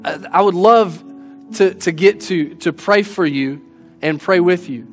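A man's voice: sits high, unhurried, faint music behind. A man preaching a sermon in an earnest, folksy way, restarting his words as he goes. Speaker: pastor. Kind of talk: sermon with closing prayer.

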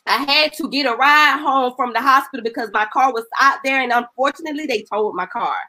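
A woman's voice: sits high, fairly quick, pushed and bright. A woman evangelist, a guest on the show, telling her personal testimony in an earnest, emotional, colloquial storytelling way.

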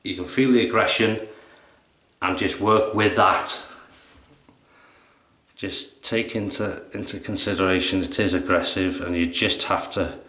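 Slow, relaxed man vlogging. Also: low voice. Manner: relaxed, chatty, self-mocking. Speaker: shaving vlogger. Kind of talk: casual narration while shaving. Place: bathroom at home. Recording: echoey bathroom.

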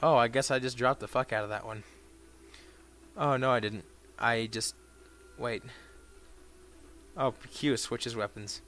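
A man giving profane gameplay commentary, muttering dry asides and bursting into shouted insults at enemies. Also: medium pitch, fairly even intonation, a little slow, pauses often. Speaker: let's play gamer.

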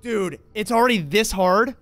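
A man streaming a game, chatting casually with plenty of swearing and suddenly breaking into shouts. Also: high voice, moderate pace, soft background music. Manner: excitable and profane, jumps to sudden shouts; mimics other people in anecdotes. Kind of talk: casual gaming stream chat.

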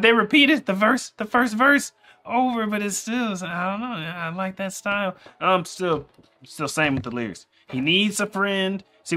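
A man giving casual, rambling reaction commentary on a song, talking it through as he listens. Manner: chatty, rambling, animated pitch jumps. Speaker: music reaction streamer.

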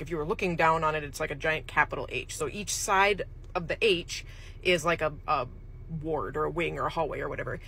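Woman, bright voice, chatty rambling storyteller, creepy true tales. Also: on the low side. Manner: chatty, rambling, laughs mid-sentence. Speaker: storyteller host. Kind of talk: casual spooky storytelling.

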